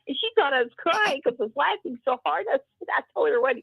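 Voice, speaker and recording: A woman co-hosting a casual show, telling funny everyday stories in an animated, laughing way. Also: sits high, fast, creaky, no room sound. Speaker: co-host. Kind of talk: casual storytelling chat. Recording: tinny phone line.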